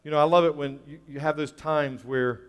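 A man's voice: fairly high pitch, steady tone, a little fast, smooth, long reverb tail. A male pastor preaching a sermon, earnest and repeating his key lines for weight.

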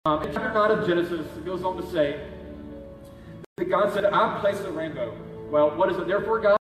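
Pastor guy preaching, earnest and pushy, kinda high voice, echoey church hall from far off. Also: brisk, music in the background. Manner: earnest, urging, conversational preaching. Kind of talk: sermon. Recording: echoey hall, heard from a distance.

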